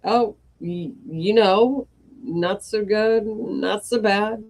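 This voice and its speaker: Worn-out old man ghost, halting and flat, put on by a woman narrator, slow. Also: medium pitch, voice pushed up. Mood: hesitant. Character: weary old male ghost, exasperated.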